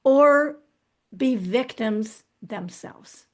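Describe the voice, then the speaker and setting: A woman's voice: fairly high pitch, expressive. Earnest middle-aged woman, reflective. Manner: earnest, reflective, halting with restarts. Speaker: guest author. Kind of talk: candid interview conversation.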